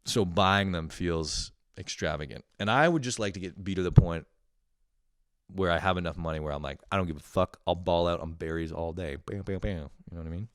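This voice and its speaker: A Canadian vlogger, a young man with a very low, smooth voice, rambles through a loose, profane monologue, swearing freely and getting animated as he tells a story. He talks a little fast, and the sound is dry and close with no room sound.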